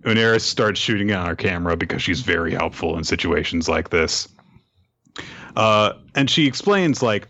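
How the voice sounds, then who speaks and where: A man's voice: low-pitched, lively intonation, moderate pace, pushed and bright, muffled recording. A man hosting a podcast, recapping a chapter in a casual, amused storytelling manner.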